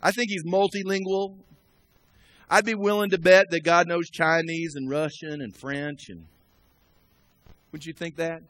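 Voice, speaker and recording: Male pastor in church: high voice, chatty sermon with questions to the room, swells to loud emphatic preaching. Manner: conversational, asks the congregation questions, builds to loud emphatic preaching. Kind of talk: live sermon. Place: church sanctuary.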